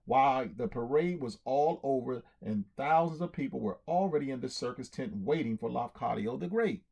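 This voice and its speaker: A man reading a storybook aloud in an animated way, acting out cheers and sound effects. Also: mid-range voice, normal speed, gravelly.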